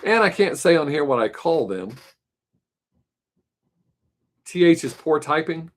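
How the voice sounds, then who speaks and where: A man's voice: fairly high pitch, sing-song, fairly quick. Man musing on a live stream. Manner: musing, rambling, joking. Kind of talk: casual chat with viewers.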